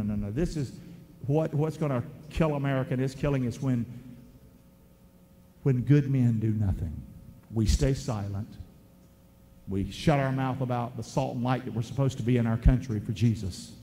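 A man's voice: mid-range voice, a little mellow. A man preaching a sermon, calling out to his congregation and having them repeat lines back. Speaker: pastor. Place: church sanctuary. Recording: echoey church hall.

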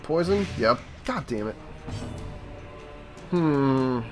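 An excitable man gives casual commentary while he plays a game, and his voice swings widely in pitch. He swears loudly at every setback. Faint game music runs underneath. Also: drawn-out words. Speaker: let's play host.

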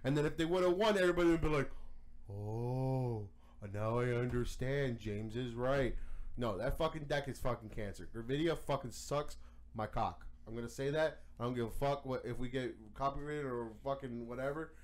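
A man's voice: medium pitch, quick pace. A man co-hosting a card game podcast, ranting heatedly with lots of swearing and stammered restarts. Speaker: podcast co-host. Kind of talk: casual podcast rant.

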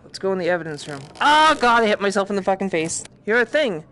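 A woman with a Boston accent giving casual, profane, excitable commentary while playing a VR game. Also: medium pitch, fast talker. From Boston, USA. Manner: profane, excitable, thinking aloud. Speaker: VR game streamer. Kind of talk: casual let's-play commentary.

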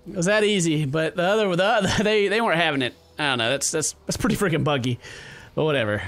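A young man commentating his gameplay, goofy and excitable, talking back to the characters on screen. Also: on the high side, fast. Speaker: gaming video host. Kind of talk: game commentary.

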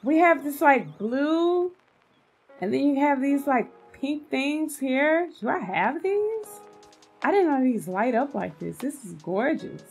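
A woman's voice: sits high, big pitch swings, slow, darkish tone, soft background music. A woman giving casual, gushing commentary on a video game, chatting to her viewers and calling them "y'all". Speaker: game content creator.

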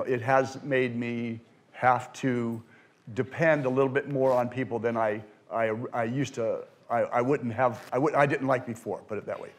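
A man speaking to a student audience as a card magician, telling stories with halting restarts and acting out the quoted voices. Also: medium pitch. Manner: animated storyteller, acts out quoted voices; halting restarts and repeated words. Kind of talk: storytelling lecture with Q&A. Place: lecture room before a student audience.

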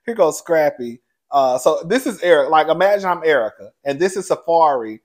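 A man hosting a casual recap vlog, talking in a sassy, animated way with frequent laughs and calling his listeners "girl" and "child". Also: on the high side, brisk. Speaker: show reviewer and host. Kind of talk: casual reality TV recap commentary.

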